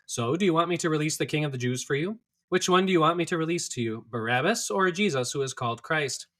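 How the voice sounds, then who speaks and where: A man's voice: a little high, expressive, fast, fairly bright tone. A man voicing an uneasy Roman governor who reasons and pleads with a hostile crowd. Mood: pleading.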